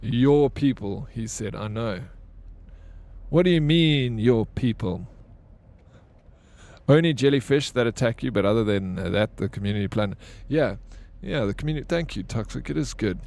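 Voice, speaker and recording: Young guy streaming a game, goofing around w chat, cusses a lot, medium-pitched voice. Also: expressive, moderate pace, creaky, darkish tone. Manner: playful banter with chat, swears freely. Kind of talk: casual live-stream chat while gaming.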